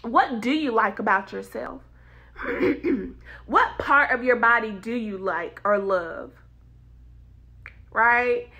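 A young woman with a Southern country accent gives an informal devotional talk, emphatic and lively, often breaking into laughter. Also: a little high, takes it slowly, long pauses. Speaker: devotional speaker.

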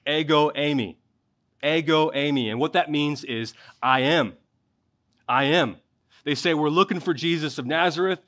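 A man preaches from the pulpit, reading scripture and then explaining it in a conversational way. His voice sits at an ordinary pitch and swells with fervor when he drives a point home. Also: fairly bright tone. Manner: expository preaching, rising in intensity at key points. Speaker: pastor. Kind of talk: sermon.

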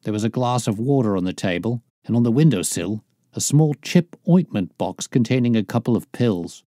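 A man's voice: medium pitch, lively intonation, normal speed, mellow, no room sound, clean studio sound, lightly acted. A man reading aloud, voicing a matter-of-fact male police inspector in a near-natural voice. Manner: plain, matter-of-fact reporting.

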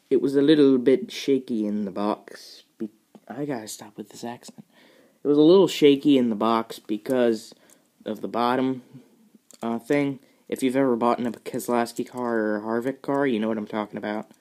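A man's voice: mid-range voice, fairly even intonation, a little fast, a little mellow. A young man giving a casual, rambling review of a model car, chatty and self-mocking, with plenty of fillers.

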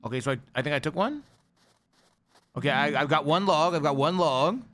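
A man streaming a game, reacting with excitable, profane, slangy banter. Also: on the high side, brisk. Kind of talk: live gameplay reaction. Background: game music.

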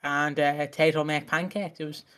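High-voiced rambling man. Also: little pitch movement, normal speed, pushed and bright, smooth. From Britain. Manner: rambling, giggly storyteller. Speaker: podcast co-host. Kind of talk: casual chat.

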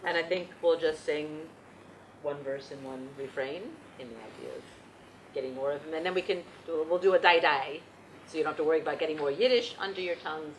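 A gentle woman with a slightly low voice leads a group song workshop. She explains pronunciation patiently and unhurriedly, pausing with small fillers as she goes. Faint background ambience sits under her voice. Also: a little hiss or hum, rough recording. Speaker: Yiddish song leader. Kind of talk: teaching a singing workshop.

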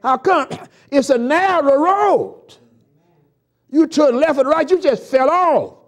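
A man preaching a live church sermon, swinging from loud shouts down to hushed murmurs and leading the congregation in call-and-response chants. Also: extremely high pitch, slow. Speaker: pastor. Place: church sanctuary.

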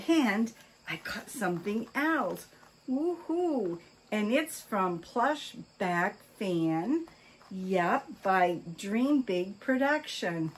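A woman's voice: medium pitch, a little hiss or hum. An older woman chatting casually while she opens fan mail, gushing with oohs, gasps and exclamations of delight. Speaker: vlogger opening fan mail. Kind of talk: casual mail-opening chat.

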